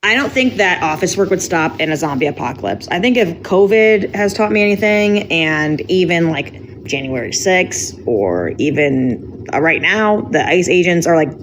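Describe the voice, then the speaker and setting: A woman's voice: lowish voice, expressive, normal speed, soft background music. A woman guesting on a podcast, riffing comically in a chatty way with lots of "like". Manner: chatty, heavy use of "like". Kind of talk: casual comedic riffing.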